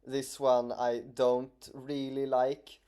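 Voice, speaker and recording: A man with a Swedish accent chatting casually on a livestream as a streamer, halting and stammering with many restarts. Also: mid-range voice, monotone, dark tone, clear, resonant tone.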